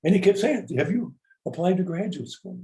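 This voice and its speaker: A man's voice: sits high, animated, brisk, warm tone, roomy sound, low-quality recording. A man hosting an interview in a reflective way, retelling stories and quoting people as he asks questions. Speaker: podcast host. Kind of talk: conversational interview.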